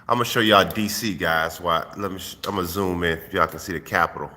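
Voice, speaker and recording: Man, vlog host lecturing the fellas; bright, tense tone with a long reverb tail, phone mic. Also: low-pitched, steady tone, fast talker. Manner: streetwise, profane, preachy. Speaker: host giving dating advice. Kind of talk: casual vlog monologue. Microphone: phone held while filming.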